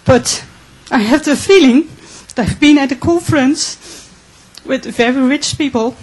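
A woman from the Netherlands, asking an earnest, emotional question at a conference Q&A with many halting restarts. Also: sits high, darkish tone, rough recording. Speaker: audience member asking a question.

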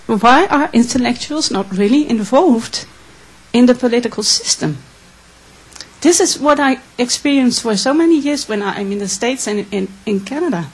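A woman from the Netherlands, asking an earnest, emotional question at a conference Q&A with many halting restarts. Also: a little high, expressive, breathy edge, low-quality recording. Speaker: audience member asking a question.

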